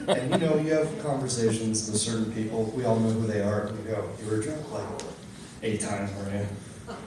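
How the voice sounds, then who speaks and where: A young man doing a stand-up comedy set, telling stories with animated, exasperated voices for the people in them. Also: mid-range voice, very echoey, far from the mic, noisy background. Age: young adult. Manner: animated storytelling, loud exasperated character bits. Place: comedy club stage.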